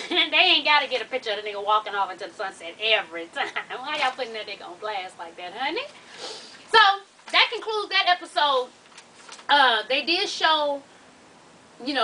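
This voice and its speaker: Recorded from a distance on poor audio with slight hiss or hum, this casual chat features a sharp-toned, bright, high-pitched woman. She tears through a reality show in a blunt, profane recap, tossing in sassy asides and addressing her audience as "y'all" and "honey."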